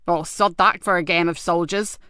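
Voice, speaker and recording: Casting: woman reading a weathered male police boss in an audiobook, low-pitched, blunt and dryly funny. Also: steady tone, normal speed, bright, forceful tone, smooth, no echo, clean studio sound. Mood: firm. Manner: blunt, patient, dryly humorous. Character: gruff loyal male police superintendent, older. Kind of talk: audiobook character voice.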